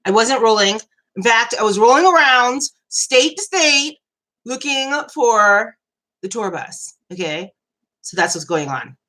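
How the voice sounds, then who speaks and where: A middle-aged woman hosting a casual live chat, animated and laughing, venting with lots of swearing. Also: on the high side, unhurried. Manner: animated, laughing, ranting with profanity. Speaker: host.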